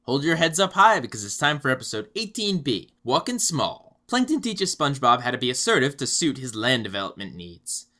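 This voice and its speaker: A man reviewing cartoon episodes in a playful, jokey way, with sudden loud bursts. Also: medium pitch, sing-song, brisk, hardly any pauses.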